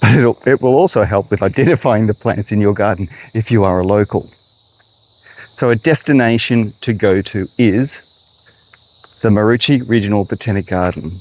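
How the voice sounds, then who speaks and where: On a rough recording, an Australian man with a lowish, slightly mellow voice talks at a normal speed. A horticulturist vlogger, he strolls around a garden outdoors, a little breathless, chatting directly to his viewers on a walking tour.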